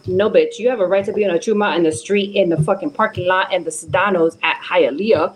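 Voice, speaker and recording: A woman guest on a casual podcast, ranting in a profane, animated way and mixing in Spanish slang. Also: mid-range voice, fast, few pauses, a little hiss or hum, poor audio.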